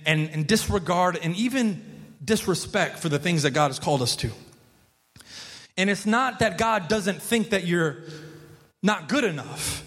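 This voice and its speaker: A man with a high voice preaches to his congregation in a church, loose and conversational, tripping over and repeating words as he goes. He calls out for the people to answer back, and his voice rings with a long reverb. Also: fairly bright tone. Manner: prompts the congregation to respond. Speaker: pastor. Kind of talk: sermon. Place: church sanctuary.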